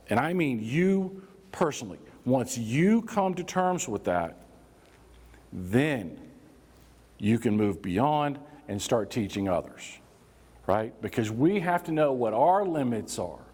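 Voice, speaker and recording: A man with a mid-range, husky, slightly mellow voice speaks at a slow pace with big pitch swings. Leading a live workplace safety training workshop, he talks conversationally and pulls the audience in with prompts and acted-out examples, all in a reverberant hall.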